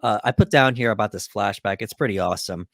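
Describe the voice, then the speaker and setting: A male podcast co-host talks quickly in a lowish, gravelly voice as he recaps a film's plot from his notes, full of fillers. The recording is dry and clean, studio sound, and the tone is a casual film breakdown chat.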